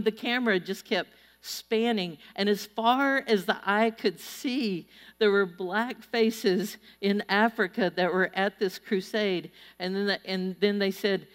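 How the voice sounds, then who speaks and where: A middle-aged woman preaching a sermon, telling stories with animated energy and urging her listeners on. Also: mid-range voice. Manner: animated storytelling, exhorting the audience. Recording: long hall reverb.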